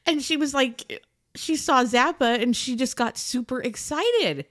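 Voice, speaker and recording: A woman from Southern California chatting casually as she tells a personal story, animated and laughing often. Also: high voice, a little slow, no echo, clean studio sound. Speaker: audio blogger.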